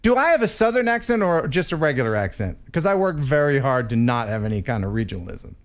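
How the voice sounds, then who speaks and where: An American man hosting a casual live-stream chat, chatty and quick to laugh. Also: mid-range voice, very animated. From USA. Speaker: host.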